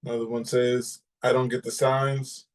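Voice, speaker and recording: Male podcast host, monotone, reads listener comments plainly. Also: mid-range voice, normal speed. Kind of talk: casual podcast chat, reading listener comments.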